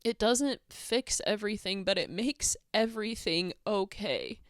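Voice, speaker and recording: A woman vlogger talking in a candid, rambling personal rant, swearing freely and filling pauses with "like". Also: mid-range voice, animated, no room sound, clean studio sound.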